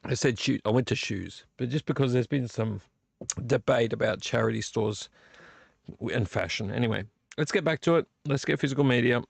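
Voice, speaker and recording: A man's voice: mid-range voice, moderate pace, vocal fry, no echo. A man hosting his own live vlog, ranting with repeated rhetorical questions about collecting. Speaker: vlog host. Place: home room.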